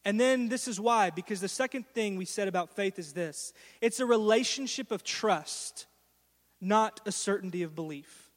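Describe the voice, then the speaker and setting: A man in his thirties delivers an earnest, storytelling sermon with emphatic stresses. His voice sits high for a man. The sound rings out with a long reverb, as in a large church hall. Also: moderate pace. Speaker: pastor.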